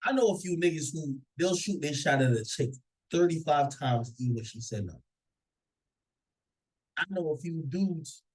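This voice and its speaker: A man's voice: on the high side, animated, normal speed, pauses often, slightly rough, rough recording. A man commenting casually on a played clip, opinionated, often stammering and repeating words. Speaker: reaction commentator.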